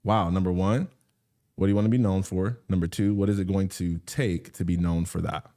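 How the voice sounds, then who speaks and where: Speaking fairly quickly in a deep voice, this male podcast host is an animated storyteller in a casual conversation. His mood swings from quiet and heavy to loud and laughing as he thinks aloud and restarts.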